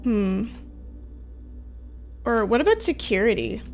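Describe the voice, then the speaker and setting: A woman's voice: a little high, sing-song, slow, soft background music. A woman streaming a puzzle game, chatting casually and joking at her own expense as she plays. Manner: chatty, self-mocking, talks to herself. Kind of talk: casual gameplay commentary.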